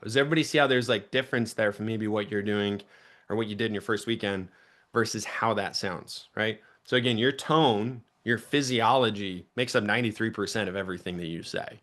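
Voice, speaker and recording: A young man coaching a sales team in an energetic teaching talk, shifting his pace and volume to stress points. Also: fairly low pitch, brisk. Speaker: sales trainer.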